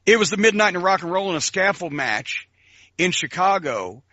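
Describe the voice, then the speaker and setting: A man with a high, bright voice tells a story in casual chat, swearing freely and acting out the lines of the people in it. His delivery is lively and animated. The recording sounds dull and lo-fi. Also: normal speed, no room sound. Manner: animated, profane storyteller who acts out quotes. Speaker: podcast co-host.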